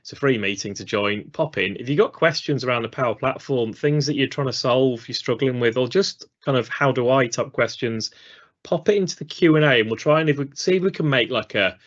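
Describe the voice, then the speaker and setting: A man's voice: mid-range voice, a little fast. A man from England co-hosting a live training stream, chatting casually and rambling off track on a video call. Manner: rambling, chatty, self-deprecating. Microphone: studio mic on a video call. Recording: slightly dull lo-fi stream audio.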